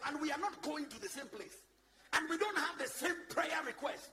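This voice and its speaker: A Kenyan man preaching as a bishop to his congregation, passionate, swinging from loud shouts to low asides. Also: expressive, normal speed. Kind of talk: sermon. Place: church before a congregation.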